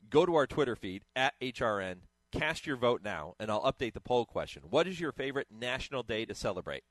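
A man hosting a morning horse racing radio show, talking in a relaxed, conversational way with the odd chuckle. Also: mid-range voice, no room sound.

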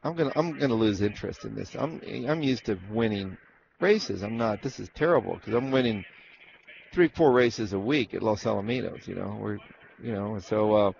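Gravelly man spinning rambling racetrack yarns. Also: lowish voice, moderate pace, a little mellow, lo-fi sound, slight background noise. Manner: rambling anecdotes with acted-out quotes and restarts. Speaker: racehorse trainer telling stories. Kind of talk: casual storytelling interview.

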